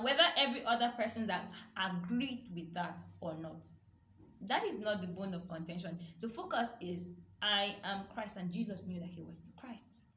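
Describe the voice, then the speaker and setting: A woman's voice: mid-range voice, a bit bright. Earnest woman teaching scripture. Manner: earnest, repeats herself, quotes scripture. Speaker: youth Bible study teacher. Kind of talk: Bible study teaching. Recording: echoey room with faint noise.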